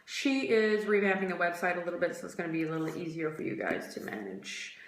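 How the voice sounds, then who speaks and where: A woman's voice: lowish voice, big pitch swings, fast talker, a little hiss or hum. A woman chatting casually on a phone livestream from home, rambling with many fillers. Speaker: athlete hosting a livestream. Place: room at home. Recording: roomy home recording.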